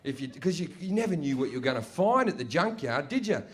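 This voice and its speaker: On a comedy stage in front of a live crowd, a young man talks fast in a fairly high-pitched voice. His stand-up routine is profane and animated storytelling, with impressions of his relatives' voices.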